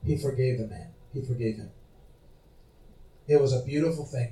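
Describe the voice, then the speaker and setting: Lively high-voiced male pastor preaching. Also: fairly quick. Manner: animated, conversational, asks the congregation questions. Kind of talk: sermon. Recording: roomy hall, mic at a distance.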